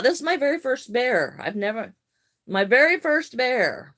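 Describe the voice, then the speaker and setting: An older woman chatting casually on a crochet live stream, greeting viewers by name and answering their comments in a friendly, unhurried way. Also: sits high, big pitch swings, a bit bright.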